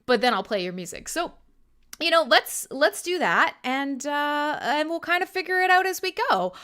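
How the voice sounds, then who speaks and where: A woman's voice: sits high, expressive, normal speed, pushed and bright. A woman hosting a live stream in casual chat, joking, swearing freely and laughing often. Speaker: host.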